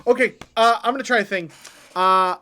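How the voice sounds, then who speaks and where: A man's voice: high voice, a little fast, sharp tone, a little hiss or hum. A man playing a tabletop game, talking in a casual, rambling way full of fillers. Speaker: player.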